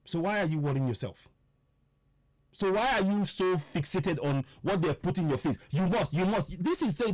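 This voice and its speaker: A man's voice: high voice, animated, moderate pace, darkish tone, no echo. A man giving an impassioned political monologue, fervent and preachy, repeating himself and firing rhetorical questions. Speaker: political commentator.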